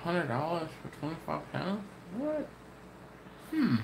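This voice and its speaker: A man's voice: fairly high pitch, very animated, slow, creaky, noisy background. A man hosting a live barbecue channel stream, answering chat questions in a loose, rambling way and laughing often. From Maryland, US. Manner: casual, rambling storyteller with frequent laughs.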